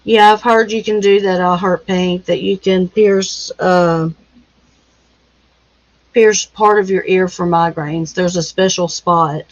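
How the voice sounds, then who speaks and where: A woman minister hosts a casual live stream and answers viewer comments one by one. She speaks unhurriedly and gently, with a consoling tone full of pauses and fillers. The audio is somewhat muffled and lo-fi. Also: lowish voice, fairly even intonation. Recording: dull lo-fi sound.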